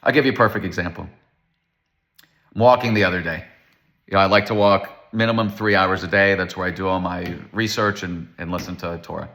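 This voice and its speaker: Guy giving a chill torah talk, bright forceful voice, tells stories and does little voices. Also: low voice, a little fast. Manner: animated storyteller, acts out quoted voices. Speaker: Torah lecturer. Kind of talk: casual religious lecture.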